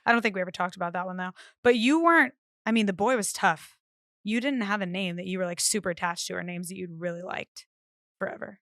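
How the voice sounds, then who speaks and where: A woman's voice: medium pitch, fast talker, fairly bright tone, no echo. A pregnant young woman co-hosting a podcast in a studio, chatting animatedly and teasing her partner. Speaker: podcast co-host. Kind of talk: casual chat.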